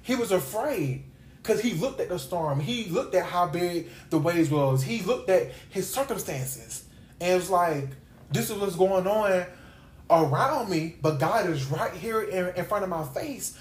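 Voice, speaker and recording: Animated and a little slow, a man with a high voice teaches the Bible on his podcast in a loose, conversational way, dropping slangy asides and repeating phrases for emphasis. A roomy echo surrounds his voice.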